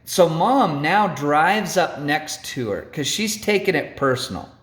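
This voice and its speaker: Theatrical slow-paced male storyteller. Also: fairly high pitch, big pitch swings, fairly bright tone. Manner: theatrical, keeps checking in with "right?" and "okay?". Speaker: storyteller speaker. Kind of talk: animated storytelling to an audience.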